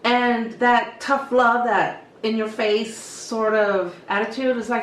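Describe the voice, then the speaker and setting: A middle-aged woman hairstylist telling stories in a casual, lively way and acting out what she said to the kids. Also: fairly high pitch, slow pace, slight background noise. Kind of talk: casual storytelling to camera. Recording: echoey room, voice from some distance.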